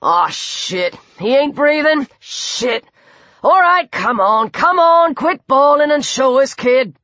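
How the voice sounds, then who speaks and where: Woman doing a gruff cursing male guard. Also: high-pitched, expressive, slow pace, sharp tone, dry recording, pitched above the performer's own voice, heavily acted. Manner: cursing, rough and blunt. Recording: dry, dull lo-fi recording.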